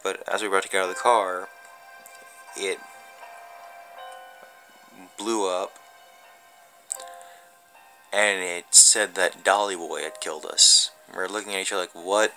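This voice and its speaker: A man tells a spooky story about an online game in a loose, rambling way, cursing freely and stumbling through fillers. His voice is low and sharply bright. Quiet music runs in the background. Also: fairly even intonation, measured pace, pauses often, poor audio. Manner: rambling, profane, full of fillers. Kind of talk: casual creepypasta narration.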